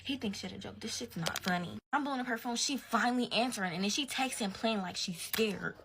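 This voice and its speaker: A woman's voice: fairly high pitch, fairly quick, fairly bright tone. A young woman telling a casual storytime in slangy, profane talk, sometimes dropping to a whisper.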